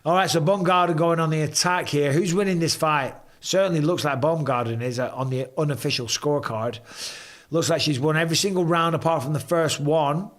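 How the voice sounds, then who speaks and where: A man runs a relaxed live stream from his home, chatting, reading out viewer comments, and trading fast banter. His voice is fairly high.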